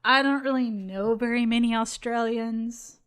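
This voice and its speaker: A young woman co-hosting a casual gaming podcast, chatty and quick to laugh. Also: a little high, steady tone, fairly bright tone, smooth. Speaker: podcast co-host.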